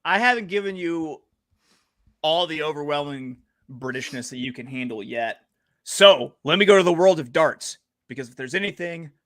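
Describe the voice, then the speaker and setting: A man with a bright, forceful voice chats through his sports bets on a podcast, joking and hyping each pick. His voice sits a little high, and he gets loud when he reads out names. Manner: hyped, jokey, swings loud on names. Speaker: podcast co-host. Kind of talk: casual sports betting chat.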